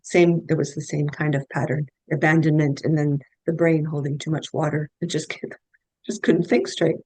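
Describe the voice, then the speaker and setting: A woman's voice: low voice, steady tone, normal speed, a little mellow, no echo, low-quality recording. A middle-aged woman, a guest health practitioner, telling case stories in an earnest, anecdotal way and restarting her sentences often. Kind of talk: conversational interview storytelling.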